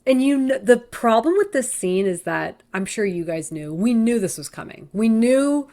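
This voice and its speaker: A woman's voice: fairly high pitch, moderate pace. Brief: female podcast co-host, casual, swears, retells scenes with energy. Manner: animated retelling with swearing and many fillers. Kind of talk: casual movie review chat.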